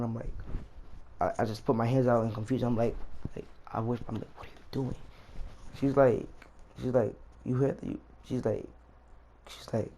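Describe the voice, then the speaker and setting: A man's voice: lowish voice, vocal fry, warm tone. A young man vlogger telling a rambling, slangy story as he plays a game. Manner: rambling, slangy, repeats himself. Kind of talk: casual storytime while gaming.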